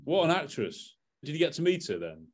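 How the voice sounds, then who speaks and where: A man co-hosting an interview, reacting quickly and chatting. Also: fairly high pitch, very animated, slightly rough. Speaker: co-host interviewer. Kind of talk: casual interview chat.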